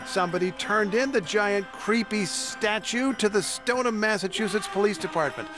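A man's voice: high-pitched, normal speed, music in the background. A man hosting morning radio, telling a light news item in a wry, playful way.

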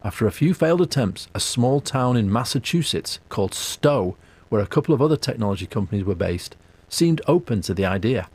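A man delivering measured, scripted documentary narration in a storytelling manner. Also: mid-range voice, animated, a little mellow, slightly rough.

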